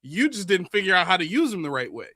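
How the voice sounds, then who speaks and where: A man's voice: sits high, sing-song, fast, bright, forceful tone, dry recording, clean studio sound. A man co-hosting a sports show, reading a viewer's comment and pushing back on it. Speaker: podcast co-host. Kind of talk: casual sports talk.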